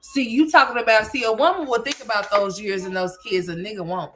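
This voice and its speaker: A woman's voice: mid-range voice, a little fast, fairly bright tone, faint music behind. A woman hosts a casual commentary livestream. She rants in a sassy, scolding tone and keeps calling people girl.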